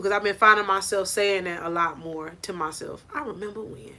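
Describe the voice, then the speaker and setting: A woman life coach gives a motivational faith talk on a live stream. Her talk is preachy and animated, and it often rises to near shouting. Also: medium pitch.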